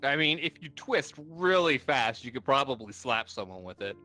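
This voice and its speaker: A man's voice: medium pitch, sing-song, normal speed, sharp tone, faint music behind. A man playing in a tabletop game, chatting casually and joking, often breaking into laughter. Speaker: player.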